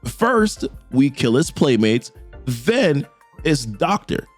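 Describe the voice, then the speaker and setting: A man's voice: mid-range voice, very animated, takes it slowly, slightly rough, soft background music, heavily acted. Haughty young sorceress, taunting and scornful, as a man reads her lines. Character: cruel young woman sorceress, scornful sister.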